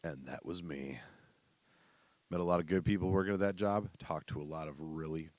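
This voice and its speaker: Deep-voiced man telling loose stories. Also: steady tone, fast, darkish tone, no echo. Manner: loose, profane, laughs through his stories. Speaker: storyteller. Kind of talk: casual storytelling.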